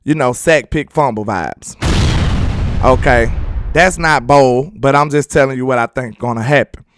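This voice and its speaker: A man's voice: medium pitch, unhurried, noisy background. A young man hosting a casual football livestream, talking loosely to his chat and laughing often. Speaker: sports channel host.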